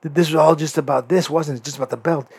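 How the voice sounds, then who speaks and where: A man's voice: on the high side, very fast, gravelly, a little mellow, husky, no echo, pitched above the performer's own voice. A man voicing a bitter, self-pitying male wrestler who whines and accuses, in a raised voice on a podcast. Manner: pleading, accusing, whining.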